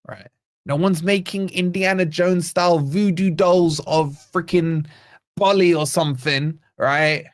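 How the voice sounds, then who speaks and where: A man hosts a live football fan stream, chatting loosely and reading out comments from viewers. His voice sits a little high for a man. The sound is dry and close, with no room echo. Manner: laid-back banter, reads viewer comments aloud. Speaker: host of a football fan channel watch-along. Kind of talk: live match watch-along commentary and chat reading.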